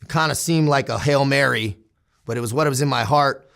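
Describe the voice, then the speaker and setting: With a mid-range, creaky and slightly bright voice, this interview guest talks briskly. He is a man in his thirties from San Diego, United States, swapping frank, profane stories in a relaxed chat punctuated by frequent laughter.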